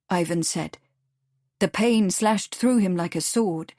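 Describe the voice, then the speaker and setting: A woman narrating an audiobook in a steady, even storytelling manner. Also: on the low side, a little slow, no echo, studio quality. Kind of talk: scripted narration.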